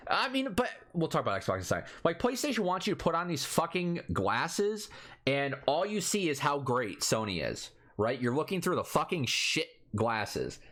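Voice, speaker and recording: A young man co-hosting a podcast, ranting angrily and cursing a lot in casual chat. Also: fairly high pitch. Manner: angry profane rant, fast and animated. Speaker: podcast co-host.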